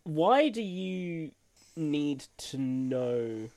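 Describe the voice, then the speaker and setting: A young man co-hosts a casual film podcast and defends his pick with playful teasing. His voice sits fairly high for a man and moves in lively swings. He laughs easily between his points. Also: drawn-out words, crowd noise. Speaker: podcast co-host.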